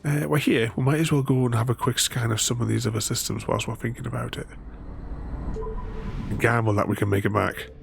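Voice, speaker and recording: This gaming streamer has a mid-range, gravelly voice with a steady tone and talks a little fast. He chats casually with viewers in a rambling, chuckly way as live-stream commentary, with faint game music in the background.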